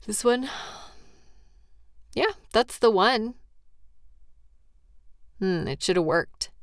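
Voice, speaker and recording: A woman's voice: medium pitch, no echo, studio quality. A woman in a comfort role-play who is tired and yawning, talking sleepily and reassuringly to a partner. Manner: sleepy, reassuring, playful teasing. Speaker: audio role-play performer.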